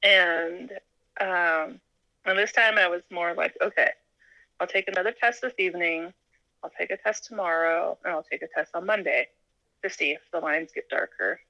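A woman from Alaska tells her own story in a relaxed, chatty way, often laughing and acting out the lines of the people in it. Her voice is fairly low for a woman but bright and forceful, and the recording is dry and close. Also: normal speed, dry recording, dull audio. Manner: animated, laughs often, acts out quoted dialogue. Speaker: interview guest. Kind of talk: casual storytelling.

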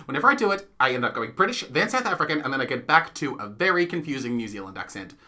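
A man's voice: medium pitch, quick pace. A man co-hosting a casual podcast, chatty and giggly as he tells stories about theatre shows. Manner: chatty storyteller, giggly, lively. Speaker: podcast co-host. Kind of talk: casual chat reviewing theatre.

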